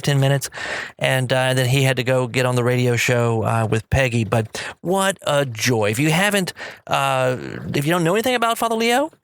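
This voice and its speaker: A man's voice: mid-range voice, a bit bright, no echo. A middle-aged man hosting his own show, telling stories in a chatty, enthusiastic way with lots of restarts and repeated words. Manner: enthusiastic storyteller. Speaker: podcast host. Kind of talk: casual solo talk show.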